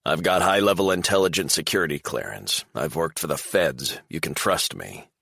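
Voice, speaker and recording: A man's voice: very deep voice, moderate pace, creaky, bright, forceful tone, husky, dry recording, studio quality, heavily acted. A man playing a blunt, profane middle-aged former federal agent in an audiobook.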